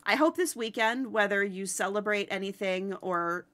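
A woman's voice: medium pitch, moderate pace, fairly bright tone. A woman in her thirties, a game streamer, chatting in a bubbly, casual way with many fillers as she wraps up a live stream.

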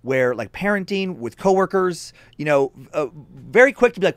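A man, a guest comedian, in casual podcast chat, animated and swearing freely as he acts out angry outbursts. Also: high-pitched, a little fast, hardly any pauses, clear, resonant tone, dry recording, studio quality.

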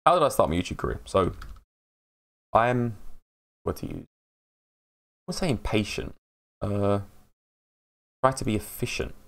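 Give me a rambling male streamer with a gravelly, fairly deep voice. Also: sing-song, unhurried, pauses often, fairly bright tone. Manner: rambling, laughs at himself, chats with viewers. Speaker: live streamer. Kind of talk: casual live-stream chat.

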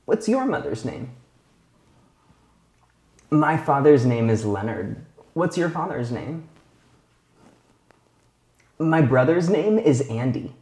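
A man teaching English possessives in a video lesson, speaking slowly and clearly and often checking in with the viewer. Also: medium pitch, big pitch swings, mellow, reverberant. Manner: slow, clear teacher talk with frequent check-in questions.

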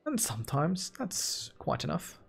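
Slow, gravelly man playing a game. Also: on the high side, very animated. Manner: musing, self-talking, playful. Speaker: gaming video host. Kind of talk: casual let's-play commentary. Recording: soft game music behind.

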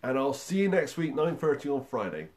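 A man's voice: mid-range voice, big pitch swings, brisk, a little mellow. A man hosting a music livestream for young children, chatting in an upbeat, encouraging way with many fillers. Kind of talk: friendly livestream talk to young children and parents.

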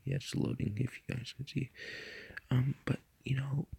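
Gravelly, husky young man rambling. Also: medium pitch, level tone, normal speed, warm tone, no room sound. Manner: rambling, full of fillers and swearing. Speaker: vlogger. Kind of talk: rambling casual vlog. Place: lying in bed at night.

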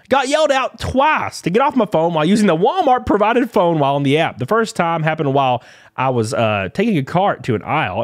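A man with a high voice that jumps all over the place rants bluntly and with exasperation, reading workplace complaints aloud and swearing casually. He sits right at a close mic with a dry, dead sound. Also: no echo. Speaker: streamer commentator. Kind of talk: reading posts aloud and ranting.

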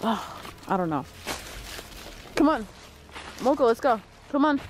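A vlogger filming on a handheld camera while walking outdoors through woods, with a mid-range voice. The talk is casual and excitable, full of exclamations and calls to the pets, with a faint hiss of noise underneath. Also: medium pitch, a little slow, pauses often.

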